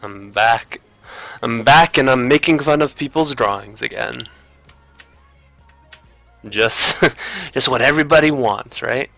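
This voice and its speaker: A man talks through drawing critiques on a relaxed livestream, joking and putting on mock outrage. His voice is bright and forceful with a gravelly fry, and he takes his time. Soft music plays faintly underneath. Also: mid-range voice, takes it slowly, long pauses, no room sound. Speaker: art streamer giving drawing critiques. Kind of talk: casual livestream chat while drawing.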